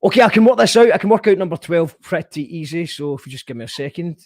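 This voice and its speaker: A man with a high, light voice hosts a loose, casual chat. He rambles and jokes while he works things out aloud. The sound is dry and close. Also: animated, fast, darkish tone, no room sound. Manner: rambling, jokey, thinks aloud. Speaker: podcast host.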